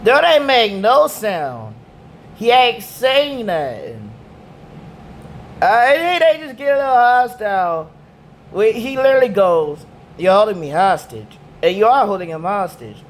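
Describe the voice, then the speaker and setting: A man rants in a loose, slangy, repetitive way, his voice high and leaping up and down. He says his vocal cords are damaged, and he takes his time over each phrase. A faint hum of background noise runs under the recording. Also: big pitch swings, unhurried. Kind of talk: casual rant to camera.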